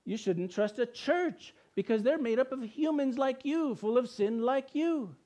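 A male preacher delivering a sermon in a notably high voice for a man. He builds his points through repeated phrases. He pushes his voice into sudden loud, emphatic bursts. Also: lively intonation, unhurried.

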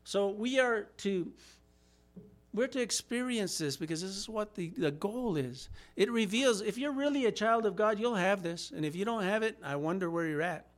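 A male pastor preaching a sermon, impassioned, acting out quotes and rising to shouts. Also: high voice, lively intonation, normal speed.

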